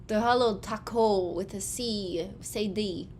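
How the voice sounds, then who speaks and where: A woman's voice: mid-range voice, slow, darkish tone, slight background noise. A woman hosting a casual livestream, chatting loosely, swearing often and laughing a lot. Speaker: livestream host.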